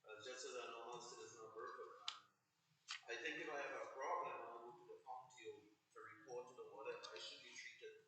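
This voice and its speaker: A man's voice: medium pitch, fairly even intonation, background noise. Nervous man with an accent, far off. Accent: non-native English accent. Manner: nervous, halting, with restarts. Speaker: resident speaking as a delegation. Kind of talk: public address at a council meeting. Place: council chamber. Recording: roomy, distant council chamber sound.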